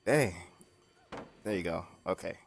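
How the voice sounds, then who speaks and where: A young man casually commenting on his own gameplay, joking and trash talking the other players with sudden bursts of excitement. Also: low-pitched, measured pace, vocal fry, soft background music. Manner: animated, jokey trash talk to opponents, bursts of excitement. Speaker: gaming streamer.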